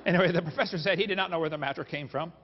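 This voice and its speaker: A man's voice: fairly high pitch, rapid-fire, slight background noise. A man giving a joking, folksy seminar lecture to a live audience, full of quips aimed at the crowd. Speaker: creation seminar speaker. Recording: dull, reverberant hall recording.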